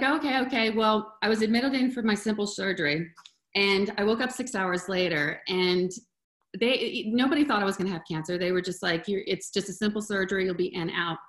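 A woman talks over a video call, casual and heartfelt, sometimes getting choked up. Her voice sits at a middle pitch. The room is noticeably echoey. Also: a bit bright. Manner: emotional, chokes up at times. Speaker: webinar presenter.

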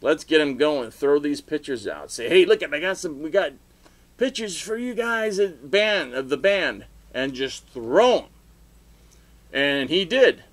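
A middle-aged man rambling through a story for his video blog, with sudden loud outbursts and laughter along the way. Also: fairly high pitch, lively intonation, unhurried. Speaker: vlogger telling stories.

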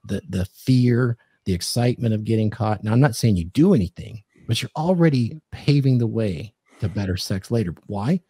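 A man's voice: lowish voice, expressive, normal speed, few pauses, mellow, husky, dry recording, studio quality. A man hosting a podcast, giving dating advice in casual chat and acting out quoted lines in a commanding tone.

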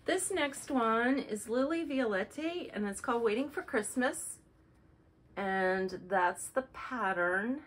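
A woman's voice: on the high side, expressive, slow pace, low-quality recording. A woman hosting a casual show-and-tell video, chatting in a rambling way and correcting herself as she goes. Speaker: flosstube host.

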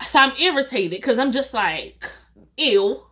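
With a high-sitting voice and a slightly slow delivery, this female YouTuber tells a storytime vlog straight to her audience, lively and chatty, with casual swearing.

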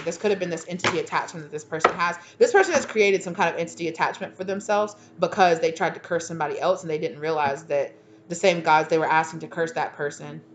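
A woman reading tarot cards in a loose, chatty way, slangy and sassy. Her voice sits fairly low, and she teases herself as she goes. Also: noisy background. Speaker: tarot reader. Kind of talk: casual channeled tarot reading.

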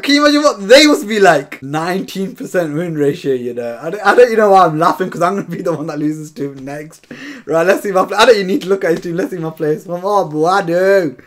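A man giving excitable, chatty commentary over a football video game, often calling to his viewers as lads. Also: sits high, fast talker. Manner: chatty, keeps calling viewers lads, bursts into shouts and laughs. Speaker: gaming YouTuber.

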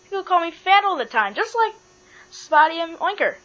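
A chubby love frog toy, voiced by a woman, bright and lively, musing in drawn-out phrases. The sound is dull and lo-fi with mains hum. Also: very high voice, pitched above the performer's own voice, exaggerated voice.

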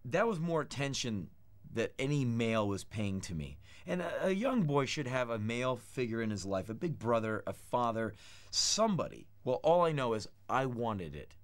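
A man in his thirties from the United States tells his childhood stories bluntly in an interview. His delivery is animated, and he acts out the voices of the people he quotes. His voice sits at an ordinary middle pitch. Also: normal speed. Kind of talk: candid storytelling interview.

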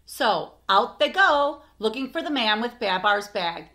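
A woman reading a picture book aloud for children, expressive, with asides to her listeners. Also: fairly high pitch, a little slow. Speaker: storytime reader.

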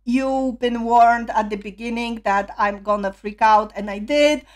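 A woman with a hoarse voice from screaming, gushing breathlessly as she reacts to a concert video. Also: a little high, steady tone, a little slow. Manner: gushing, breathless, repeats exclamations. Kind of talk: excited reaction commentary.

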